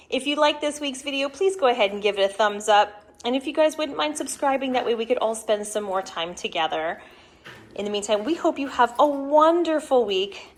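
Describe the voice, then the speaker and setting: A woman hosting a casual home vlog from her living room, chatty and giggly, talking to viewers and breaking into baby talk with puppies. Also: a little high. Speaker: dog breeder and channel host.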